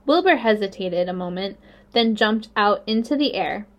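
A woman narrating a children's novel aloud in a clear, expressive storytelling manner. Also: mid-range voice, normal speed, highs cut off.

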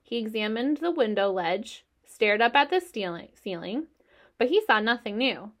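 A woman narrating a children's storybook in a gentle, expressive way. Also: on the high side, moderate pace. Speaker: reader.

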